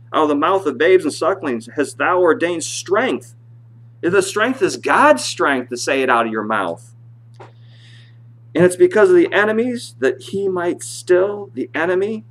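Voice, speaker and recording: Impassioned male preacher reading scripture. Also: a little hiss or hum. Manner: impassioned preaching, reads scripture aloud in a rising voice and drops low to explain. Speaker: pastor. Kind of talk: sermon. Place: church.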